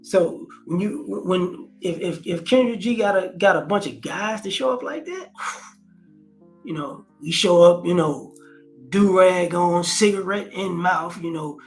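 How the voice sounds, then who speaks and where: A man's voice: high voice, measured pace, faint music behind. A man hosting a casual commentary vlog, talking in slang, repeating phrases and acting out quotes. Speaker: host.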